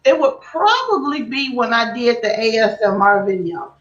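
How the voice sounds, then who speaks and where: A woman's voice: on the high side, sing-song, normal speed. A woman guest YouTuber in a casual interview chat, laughing easily and speaking earnestly. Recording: roomy, dull remote audio.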